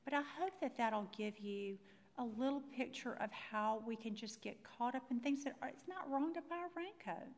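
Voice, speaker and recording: A woman's voice: fairly high pitch, moderate pace, in a large hall. A woman telling a personal faith story, acting out the voices in it. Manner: animated storytelling, acting out quotes. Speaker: Christian speaker. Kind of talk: personal testimony talk.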